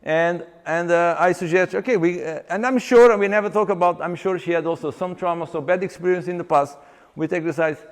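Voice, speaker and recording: A man, an exercise coach, giving a live seminar talk with animated storytelling, halting often and restarting his sentences. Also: sits high. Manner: animated storyteller who acts out client dialogue; halting, with many restarts and fillers. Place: seminar venue with long reverb. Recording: reverberant hall recording.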